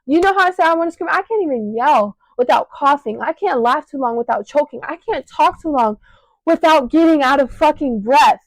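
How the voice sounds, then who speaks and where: Teen woman, Chicago accent, slightly high voice, dry close sound; tearful, breathless venting monologue on a shirt mic. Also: animated, brisk, no echo, low-quality recording. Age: teens. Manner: raw, venting, choked up, swearing. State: short of breath, choked up. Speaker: podcast host. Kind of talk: emotional personal monologue. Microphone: clip-on mic attached to shirt.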